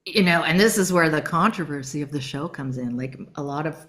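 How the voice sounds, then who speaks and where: A middle-aged woman from Canada, a voice actress telling stories in a casual interview, lively and quick to giggle. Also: deep voice. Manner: lively, acts out quoted voices, giggles often. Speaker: guest voice actress.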